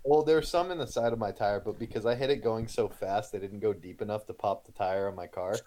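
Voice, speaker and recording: A man's voice: on the low side, fairly quick, warm tone. A man co-hosting a podcast, telling a story in casual chat with lots of swearing and bragging. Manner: profane, boastful storytelling.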